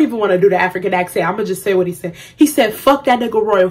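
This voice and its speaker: A young woman vlogger telling a storytime, blunt and profane, animated as she acts out what others said. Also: medium pitch, very fast, few pauses. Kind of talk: storytime vlog.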